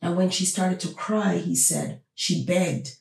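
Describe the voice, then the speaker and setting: Woman host, opinionated monologue, emphatic and repetitive; gravelly low-bright tone, recorded off-mic in a roomy space. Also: fairly even intonation, slow, far from the mic. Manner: emphatic, repeats rhetorical questions. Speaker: podcast host.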